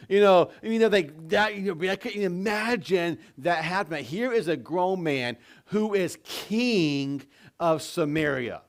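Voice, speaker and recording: A man's voice: high-pitched, lively intonation, measured pace. A man preaching a sermon as pastor, telling stories and putting questions to his congregation. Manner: conversational storytelling with questions to the congregation. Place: church sanctuary.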